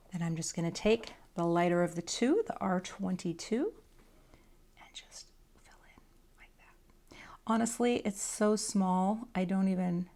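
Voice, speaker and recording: Chatty woman with a gravelly voice. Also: fairly low pitch, warm tone. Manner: chatty, self-deprecating, mutters while working. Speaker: craft teacher. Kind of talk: casual talk-through while coloring.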